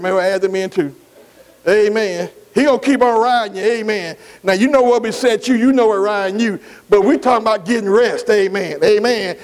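High-voiced preacher, peppered with amens. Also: male voice, rough recording. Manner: slow, emphatic, frequent amens to the congregation; repeats key words and asks the congregation questions. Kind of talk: sermon.

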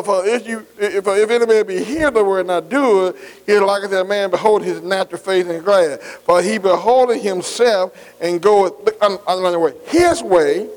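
A man. He talks to the congregation in a folksy way, with call-and-response and many amens. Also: high-pitched. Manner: folksy call-and-response preaching, frequent "amen". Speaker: pastor. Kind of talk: sermon.

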